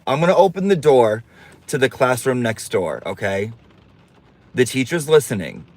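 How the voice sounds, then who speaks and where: A man's voice: medium pitch, very animated, moderate pace, darkish tone. A man hosting a casual livestream, campy and sassy, swearing freely and reading out viewer comments. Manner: reads viewer comments aloud. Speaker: livestream host.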